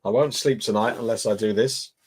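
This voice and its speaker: A man's voice: lowish voice, fairly even intonation, fairly quick, darkish tone, a little hiss or hum. A man hosting a casual live unboxing stream, chatting loosely and reading viewer comments aloud. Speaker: livestream host.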